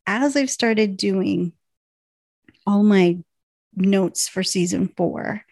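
Gravelly-voiced woman recapping with laughs. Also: mid-range voice, very slow, dry recording. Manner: animated storytelling, laughs often, many fillers. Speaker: podcast co-host recapping a TV episode. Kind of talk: casual chat.

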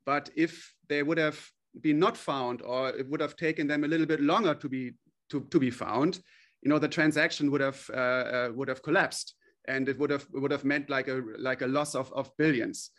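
A man's voice: mid-range voice, fairly even intonation, normal speed, a bit bright. A man being interviewed as a company CEO, answering earnestly with frequent hesitations and restarts.

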